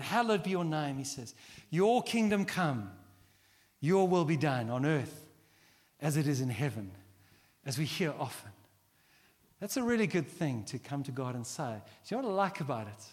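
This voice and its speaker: Animated preacher man in a reverberant hall. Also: high voice. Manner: animated, acts out quoted prayers. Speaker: pastor. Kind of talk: sermon. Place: large church hall.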